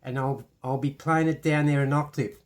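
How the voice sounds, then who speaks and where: A man's voice: medium pitch, fairly even intonation, normal speed. A man with an Irish accent teaching a casual piano lesson, chatty and self-deprecating, with many restarts. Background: piano playing.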